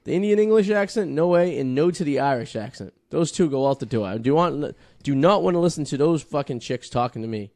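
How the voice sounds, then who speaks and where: A man with a Boston accent hosts a podcast and rambles through loose, profane casual chat. His voice sits a bit higher than most men's. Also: lively intonation, fairly quick, hardly any pauses, darkish tone. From Boston area. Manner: crude, loose and rambling, with heavy swearing. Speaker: podcast host.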